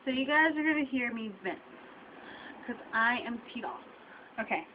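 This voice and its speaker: Young woman vlogger, higher voice, indignant venting, dull webcam sound with faint hiss. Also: animated, normal speed. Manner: indignant, emphatic storytelling. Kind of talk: venting to camera.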